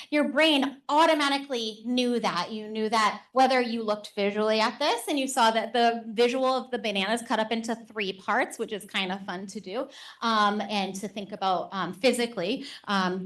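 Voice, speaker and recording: A woman teacher and reading specialist giving a live workshop to parents and educators in a session room. She speaks in an animated, conversational way with frequent "um" fillers. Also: fairly high pitch.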